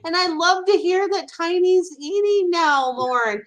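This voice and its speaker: A woman's voice: very high-pitched, expressive, a little slow, low-quality recording. A woman guest in a casual interview, an animal communicator who talks enthusiastically and gushes. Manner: enthusiastic, gushing.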